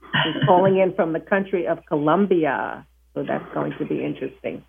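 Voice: mid-range voice, normal speed, vocal fry, phone-quality sound. A radio show co-host who chats casually and moves the show toward its break. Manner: chatty, steering segments to break. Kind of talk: casual talk radio chat.

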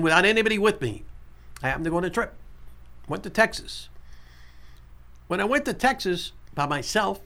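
A man hosting a casual radio talk show, who repeats key points and slows right down to spell out numbers. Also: a little high, pushed and bright.

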